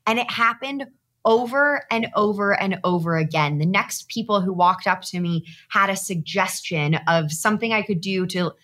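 A woman guest on a podcast, telling a personal story in a casual, animated way and acting out her own past thoughts. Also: medium pitch, normal speed.

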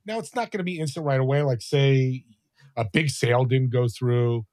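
Man guest, animated storyteller, faith-driven, mid-range voice, dry mic. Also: mid-range voice, moderate pace, dry recording. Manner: animated, acts out quoted people in his stories; faith-based, talks of the Holy Spirit. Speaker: podcast guest. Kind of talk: conversational interview storytelling.

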